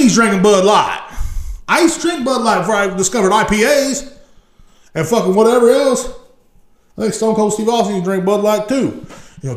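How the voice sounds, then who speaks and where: A man's voice: sits high, animated, moderate pace. A man in his thirties hosting his own podcast, ranting casually in a profane, rambling, mocking way. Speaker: podcast host. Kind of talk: casual rant.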